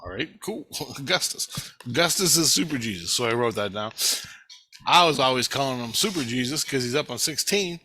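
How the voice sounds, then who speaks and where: Man, agitated, swears constantly, rambling monologue, bright tense tone. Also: mid-range voice, animated, a little fast, low-quality recording. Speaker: vlogger recounting spiritual visions.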